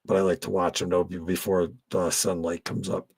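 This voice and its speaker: A man's voice: sits low, little pitch movement, fairly quick, a little mellow, husky, no room sound. A man hosting a fan channel in a casual late-night live stream chat, rambling along and swearing freely. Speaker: host of a fan tribute channel.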